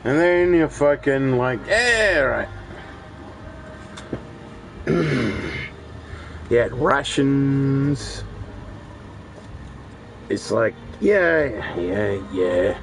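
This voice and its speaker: Casual gamer guy, unhurried and gravelly, rambling and profane. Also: medium pitch, animated, slight background noise, rough recording. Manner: rambling, profane, restarts often. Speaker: gaming streamer. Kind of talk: casual chat while gaming.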